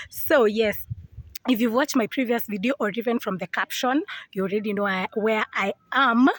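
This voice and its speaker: A woman's voice: a little high, no echo. A young woman talking casually to her viewers on a phone camera outdoors in a village compound, chatty and playful. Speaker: vlogger. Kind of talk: casual vlog talk to camera.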